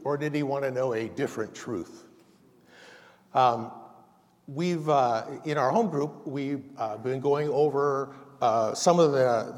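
A man gives a folksy, self-deprecating sermon in a church hall. His voice rises and falls with lively animation. The sound carries a long, roomy reverb. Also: mid-range voice. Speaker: lay preacher giving a message. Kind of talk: conversational sermon.

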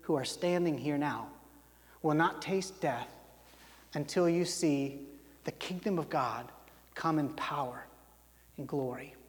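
A man preaching a sermon, acting out a grave male teacher who speaks slowly and solemnly. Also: on the high side, voice pushed down. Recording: long hall reverb.

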